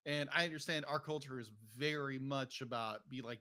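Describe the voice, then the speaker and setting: Bright-voiced rambling man. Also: medium pitch, fairly even intonation, moderate pace. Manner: rambling, restarts often, keeps saying "be like". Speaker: podcast host. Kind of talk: casual film discussion.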